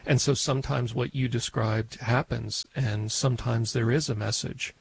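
A man co-hosting a call-in radio show, answering callers in a measured, reflective way with many fillers. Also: mid-range voice, fairly even intonation, vocal fry, husky, poor audio. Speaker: radio co-host.

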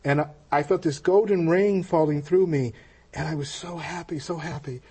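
Brief: man, husky, mellow voice, slightly high, halting personal testimony. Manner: slow, halting, with many pauses and restarts.

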